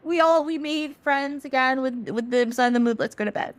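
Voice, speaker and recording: A woman's voice: sits high, brisk, clear, resonant tone, no room sound, voice pushed up, lightly acted. Woman playing a shifty male trickster god. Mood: evasive. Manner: offhand, evasive, whiny. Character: mischievous male trickster god, lazy and evasive.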